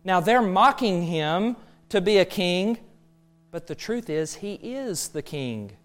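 A man's voice: sits high, animated, takes it slowly, a bit bright. A man preaching a sermon, emphatic and full of rhetorical questions.

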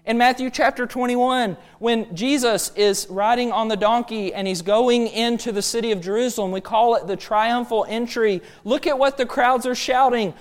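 A man's voice: extremely high pitch, normal speed, few pauses. A man preaching a sermon, emphatic and full of rhetorical questions.

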